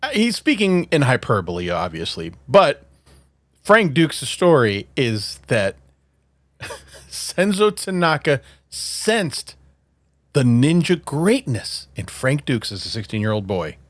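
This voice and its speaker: A man hosting a casual podcast, talking slowly but with a lively, swooping voice. He laughs a lot and swears freely. The sound is dry and close. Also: medium pitch, no echo. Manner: animated, laughing, swearing, apologetic asides. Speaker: podcast host.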